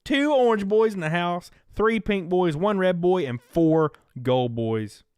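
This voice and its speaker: A man's voice: high voice, measured pace, clean tone, no echo, clean studio sound. A young man with a Southern accent hosts a live stream in casual, profane commentary, thanking donors and reading chat. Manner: animated, profane, reads out chat donations.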